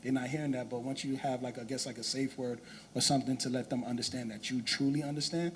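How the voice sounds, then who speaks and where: A man's voice: medium pitch, fairly even intonation, quick pace, slight background noise. A man speaking as a panelist in a church discussion, talking casually and often saying "you know".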